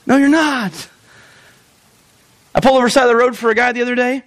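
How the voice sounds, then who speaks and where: A male pastor preaching a sermon in a church, animated and often acting out quoted voices. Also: very high voice, very fast, no room sound.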